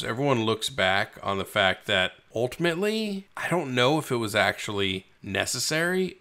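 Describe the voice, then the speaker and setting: A man co-hosting a podcast, chatting casually about a film and acting out its scenes with lively voice jumps. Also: smooth. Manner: animated retelling of scenes, acting out characters with big pitch jumps. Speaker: podcast co-host. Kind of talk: casual movie review chat.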